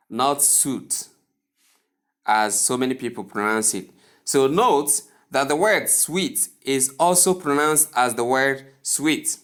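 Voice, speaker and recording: A man with a Nigerian English accent teaching pronunciation in a formal, deliberate way, repeating words to contrast right and wrong forms. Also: mid-range voice, a bit bright. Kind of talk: slow deliberate pronunciation lesson.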